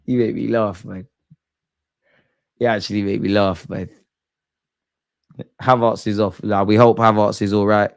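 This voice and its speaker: A young man hosting a live football watch-along, animated and slangy, swinging from loud outbursts to low muttering. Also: unhurried, creaky, pauses often, clean tone.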